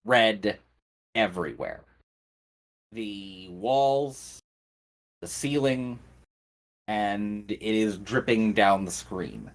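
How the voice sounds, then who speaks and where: A man runs a tabletop role-playing game as game master, narrating at an unhurried, slow pace. He describes each scene deliberately, one beat at a time. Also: fairly low pitch, lively intonation.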